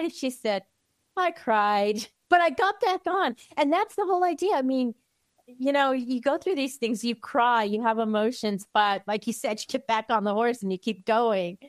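A woman hosting an interview, telling a story in a lively way and then asking questions. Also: a little high, no room sound, studio quality. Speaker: host. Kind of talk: interview conversation.

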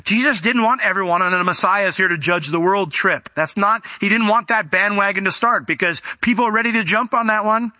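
A middle-aged man delivers a sermon with animated energy and slips into the voices he quotes. His voice is very bright and sits a little high. The sound is dry, with no room around it. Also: fairly quick, few pauses, dry recording. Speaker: pastor.

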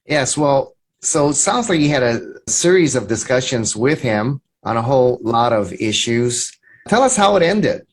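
A man's voice: medium pitch, very animated, normal speed. Man hosting an interview. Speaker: host.

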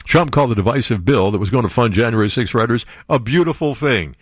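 Animated, sarcastic man reading the news. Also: mid-range voice, fast talker, no echo, studio quality. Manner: animated and sarcastic, breaks in with asides and jokes. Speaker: commentary show host. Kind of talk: reading news aloud with running commentary.

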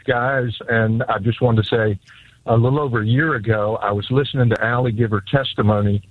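A man's voice: medium pitch, no room sound. A man calling in to a radio show with a personal testimony, upbeat and earnest. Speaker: caller. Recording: tinny phone line.

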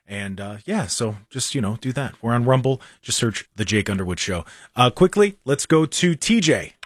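A man's voice: medium pitch, lively intonation, normal speed, dry recording. Guy hosting talk radio, playful and teasing, dry studio sound. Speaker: radio talk show host. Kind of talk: casual radio banter.

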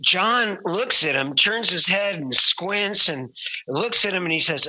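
Bright-voiced man telling a story. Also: on the high side, measured pace, no room sound, lo-fi sound. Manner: lively storyteller who acts out quoted voices. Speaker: musician and author. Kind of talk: telling an anecdote.

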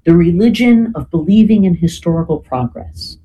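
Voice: mid-range voice, lively intonation, moderate pace, mellow, low-quality recording. A podcast guest explaining at length in a lecture-like way, often checking in with "right?" and "you know". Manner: thoughtful, lecture-like delivery with restarts.

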